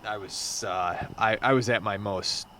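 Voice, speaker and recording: A young man guest on a podcast, telling a story casually with halting restarts. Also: fairly low pitch, a crowd in the background.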